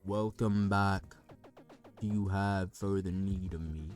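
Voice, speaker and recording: A man voicing a laid-back male elevator operator, chummy and a bit louder than usual. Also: deep voice, steady tone, takes it slowly, soft background music, voice pushed down. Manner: chummy, louder, calls people pal.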